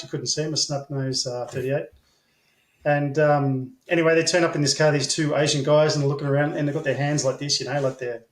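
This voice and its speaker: A man with an Australian accent, an interview guest telling stories at length, full of ums and blunt swearing. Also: a little high. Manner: rambling, filler-heavy, blunt and swearing. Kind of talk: casual storytelling. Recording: echoey room.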